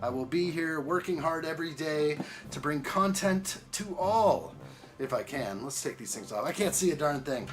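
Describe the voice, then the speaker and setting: A man's voice: fairly high pitch, lively intonation, normal speed. Upbeat man greeting his stream viewers. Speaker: live stream host. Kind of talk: casual live-stream chat while building.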